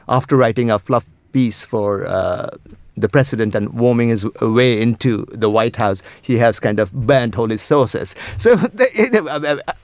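A man speaking as a guest in a radio studio discussion, measured and matter-of-fact. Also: medium pitch, no echo. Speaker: guest commentator.

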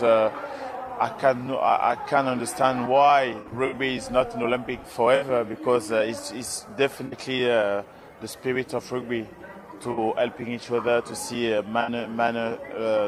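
Hoarse French-accented man, crowd behind. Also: medium pitch, little pitch movement. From France. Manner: halting, many fillers and restarts. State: hoarse, lost his voice. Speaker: interviewee, former rugby player. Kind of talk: live interview. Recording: loud crowd behind, outdoor event.

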